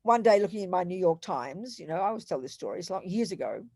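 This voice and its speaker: A woman with an Australian accent, giving a Buddhist teaching in an animated, emphatic way with storytelling asides. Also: lowish voice, fast, no echo, studio quality.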